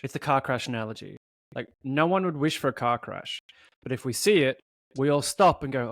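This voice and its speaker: A man co-hosting a podcast, talking in an animated, casual way with swearing and acted-out voices. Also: medium pitch, brisk, no room sound, studio quality. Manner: animated, swearing, acts out voices mid-story. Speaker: podcast co-host. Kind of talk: casual conversation.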